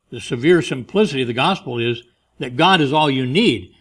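A man preaching a sermon, pressing key phrases slowly and loudly, then dropping quiet for stories. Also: mid-range voice. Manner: emphatic, slows and rises on key phrases, drops soft for stories.

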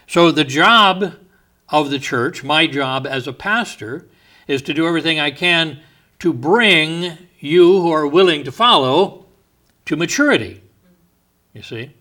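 A male pastor preaching a sermon in church, talking with asides and chuckles, slowing down to stress the scripture he reads. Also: fairly high pitch, expressive, pushed and bright.

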